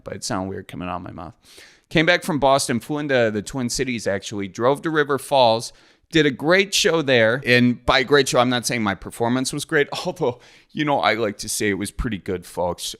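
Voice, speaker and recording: A man's voice: mid-range voice, expressive, a little fast, fairly bright tone, clear, resonant tone. A man, hosting his podcast in a folksy, joking, rambling way. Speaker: podcast host. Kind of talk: casual solo podcast intro.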